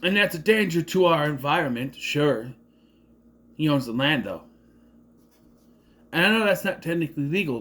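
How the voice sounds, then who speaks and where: A man's voice: a little high, lively intonation, normal speed, fairly bright tone. A man giving a casual, rambling movie commentary, sarcastic and often cutting himself off. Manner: rambling, sarcastic, self-interrupting. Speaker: movie reviewer.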